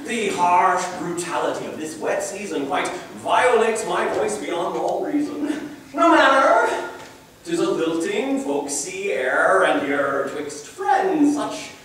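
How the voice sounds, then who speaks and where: A vain, pompous young dandy, played by a man on stage, swoops through rhyming verse in a high, wildly swinging voice, now and then breaking into song. He takes his time over every line. The sound comes from far off in a very echoey hall. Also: very animated, slow, fairly bright tone, a little hiss or hum, exaggerated voice. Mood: preening. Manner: flamboyant rhyming declamation with sung snatches. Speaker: stage actor. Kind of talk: live theatrical verse monologue. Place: university hall with a live audience.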